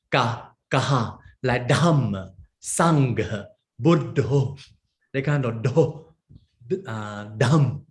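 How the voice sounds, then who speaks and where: A man teaching a beginner Pali lesson as a monk, drilling sounds one at a time, checking in with "okay?" and chuckling as he goes. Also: mid-range voice. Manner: chuckles often while explaining.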